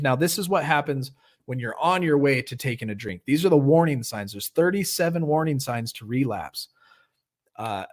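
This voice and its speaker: An earnest man hosts a livestreamed recovery meeting from home, his voice sitting at an ordinary middle pitch. He talks in a loose, casual way, drifting between encouragement and reading out warning signs. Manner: earnest, loose and conversational, leads group prayer.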